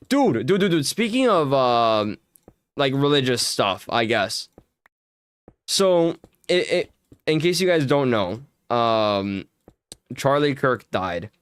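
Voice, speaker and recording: A man's voice: medium pitch, big pitch swings, slow pace, long pauses, clean tone, no room sound. A young man streaming and chatting casually while gaming, ranting heatedly with lots of swearing and filler words.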